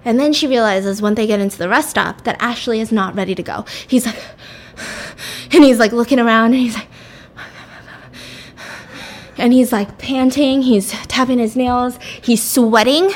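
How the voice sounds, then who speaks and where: A young woman casually retelling a dramatic story, chatty and animated, with lots of fillers. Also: fairly high pitch, moderate pace.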